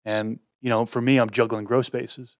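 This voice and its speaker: A man's voice: medium pitch, flat delivery, normal speed, no echo, clean studio sound. A man with a Boston accent co-hosting a podcast, explaining in an easygoing way with lots of fillers. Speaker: podcast co-host. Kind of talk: casual chat.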